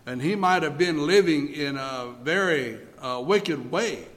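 A man preaching a sermon in a church, speaking deliberately with pauses and occasional fillers. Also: on the high side, expressive, a bit bright. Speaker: pastor.

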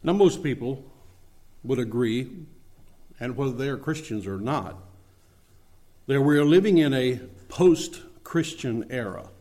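A male pastor delivers a sermon in an earnest, measured voice. His pitch sits in an ordinary middle range for a man. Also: animated, dark tone.

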